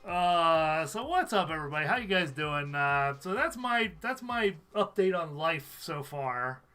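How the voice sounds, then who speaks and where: A man with a bright, forceful, somewhat high voice chats casually on his live stream. He reads viewer comments aloud, laughs often and rambles. Faint music plays behind him. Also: lively intonation, unhurried, clear, resonant tone. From USA.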